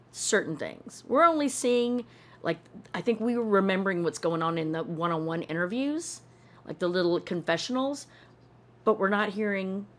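A woman hosting a podcast, giving a blunt, exasperated reaction to a TV episode, swearing often. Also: lowish voice. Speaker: podcast host reacting to a TV show. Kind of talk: ranting reaction commentary.

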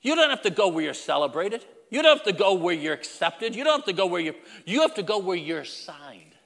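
A man's voice: sits high, very animated, brisk, vocal fry, a bit bright, big-room sound. A man preaching a sermon as pastor, emphatic and repetitive, speaking directly to the congregation.

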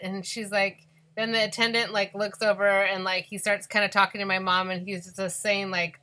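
A young woman recounts a story in casual conversation, lively and quick to act out the people she quotes. Her voice is bright and forward, at an ordinary woman's pitch. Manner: animated, acts out quoted voices.

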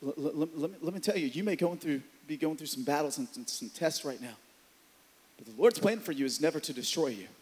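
A man preaching a sermon as pastor, swinging from loud, driven passages to hushed ones. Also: on the high side, lively intonation, brisk. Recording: long hall reverb.

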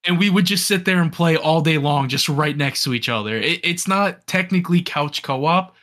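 A man's voice: on the high side, moderate pace, a bit bright. A man in his late twenties chatting casually on a podcast, enthusiastic and full of fillers and restarts. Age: 20s. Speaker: podcast co-host. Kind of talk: casual chat.

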